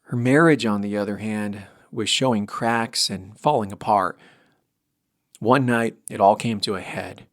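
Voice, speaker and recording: A man hosting a radio show, narrating in a calm, measured way. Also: on the low side. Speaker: host. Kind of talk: scripted narration.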